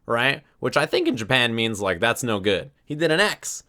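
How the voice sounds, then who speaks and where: Guy streaming from his desk, bright forceful voice, telling a story all animated. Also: mid-range voice. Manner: animated, acts out crowd reactions with quick asides. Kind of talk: casual storytelling commentary.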